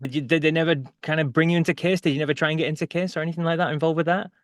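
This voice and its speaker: Fast-talking man hosting an interview. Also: fairly high pitch, fairly even intonation. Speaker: interview host. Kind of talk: casual interview questions.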